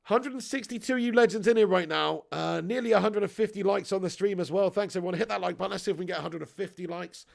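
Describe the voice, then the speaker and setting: A man in his thirties with a high, heavily gravelly voice hosts a live football watch-along. He chats loosely, swears freely and laughs as he reads viewer comments and calls the action. There is a raspy fry running through his speech. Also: fast talker, few pauses. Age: 30s. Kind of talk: casual live match commentary and chat.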